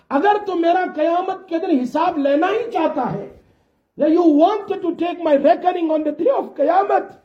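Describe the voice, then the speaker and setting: A man delivers an impassioned sermon in a very high but mellow voice, swinging between hushed pleading and loud exhortation. The recording is echoey and dull, with a muffled lo-fi sound. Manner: impassioned, swinging from soft to shouting. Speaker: preacher.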